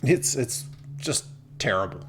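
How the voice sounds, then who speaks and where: A man's voice: medium pitch, lively intonation, a little slow, slight background noise. A man narrating a tabletop horror game as game master, rambling with many fillers and restarts and laughing often.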